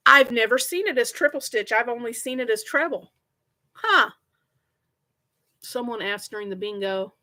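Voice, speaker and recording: A woman's voice: on the high side, lively intonation, moderate pace, pauses often, bright, forceful tone. A middle-aged woman hosting a crochet livestream, chatting casually and rambling with viewers and laughing often. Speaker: crochet channel host.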